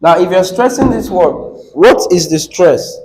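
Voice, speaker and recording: A Nigerian man teaching an English class, quizzing students and repeating words slowly. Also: high-pitched, animated, a little mellow. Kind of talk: classroom lesson. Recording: echoey classroom.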